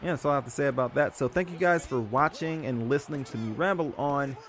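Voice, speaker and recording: A man's voice: mid-range voice, quick pace, soft background music. A young man hosting his own channel, talking in a loose, rambling way, full of fillers and self-corrections. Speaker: YouTube host. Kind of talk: casual rambling commentary.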